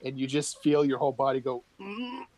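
A man running a tabletop game as game master, describing scenes and calling for rolls with a relaxed, laughing manner. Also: medium pitch, normal speed, dry recording, low-quality recording.

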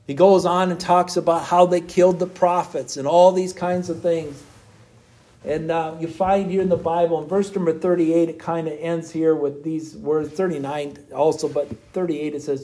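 A man preaching a sermon in an emphatic, repetitive cadence, slowing down to read scripture aloud. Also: on the high side, warm tone.

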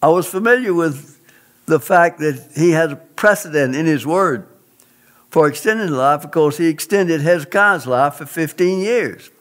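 A man telling a personal testimony in an interview, speaking in an earnest, emphatic, preacherly way. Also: a little high.

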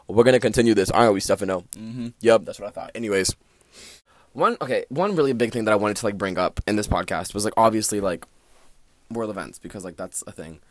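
A teenage boy hosts his own podcast from a small closet, chatting casually on his own in a rambling, animated way packed with fillers. His voice is fairly low in pitch, with no echo.

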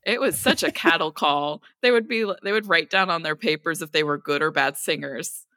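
A woman's voice: low-pitched, normal speed, pushed and bright, dry recording, studio quality. A woman guest on a podcast, chatting casually and self-deprecatingly, often stumbling over her words. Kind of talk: casual chat.

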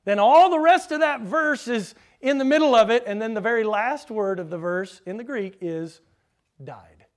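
A man with a notably high voice delivers a sermon in a teacherly way. He quizzes his congregation as if giving a lesson and slows right down to press single words home. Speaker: preacher.

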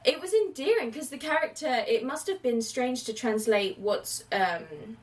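Woman, late 20s, casual film chat, animated, a little off-mic. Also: on the high side, unhurried, recorded from a distance. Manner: chatty, acts out quotes with laughs. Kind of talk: casual chat about films.

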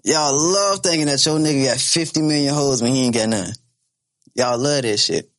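A man in his twenties telling a story in casual podcast chat, animated and profane, laughing as he talks. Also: medium pitch, normal speed. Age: 20s. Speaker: podcast co-host.

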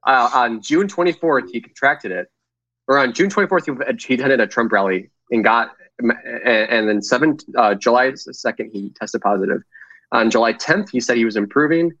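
A man's voice: medium pitch, moderate pace, fairly bright tone, dry recording, highs cut off. A man co-hosting a casual political podcast, rambling with many fillers and crude jokes. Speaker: podcast co-host.

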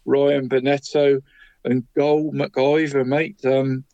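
A man's voice: mid-range voice, level tone, slow pace, dark tone, no echo, lo-fi sound. A man co-hosting a casual local football podcast, reading results in a chatty way and tagging nearly every line with "mate". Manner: chatty, tags nearly every line with 'mate', chuckles at his own jokes. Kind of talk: casual sports chat.

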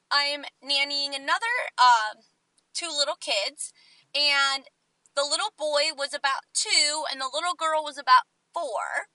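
A woman in her twenties telling a story on her vlog, chatty and animated, acting out what people said. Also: high voice, dry recording, low-quality recording. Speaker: vlogger.

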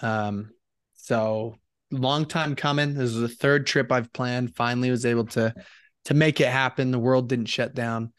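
A man's voice: medium pitch, unhurried, smooth, no echo. Male podcast co-host, easygoing and enthusiastic, conversational, dry close recording. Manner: relaxed, enthusiastic storytelling with fillers. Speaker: co-host, host's brother.

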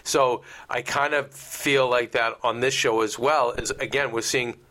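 Bright, emphatic male panelist. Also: medium pitch, fairly even intonation, a little slow. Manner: opinionated, emphatic, repeats words. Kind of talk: casual panel discussion.

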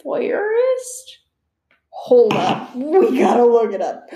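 A woman's voice: a little high, wildly swooping pitch, slow pace, dark tone. A teenage girl chatting casually on her own, rambling and swearing with laughing asides. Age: teens. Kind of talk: casual solo chat. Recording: echoey room.

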